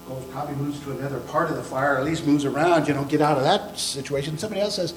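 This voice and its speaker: A man preaching a sermon, retelling a scripture story with acted-out lines and sudden hushed whispers. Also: a little high, fast talker, hardly any pauses, slight background noise. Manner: dramatic storytelling, acting out scenes, dropping to whispers for emphasis. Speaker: pastor.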